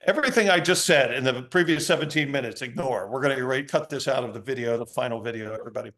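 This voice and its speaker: A man's voice: medium pitch, fast, fairly bright tone. A middle-aged man, a magician, casually teaching a card trick, chatty and explaining step by step as he demonstrates and acts out his patter.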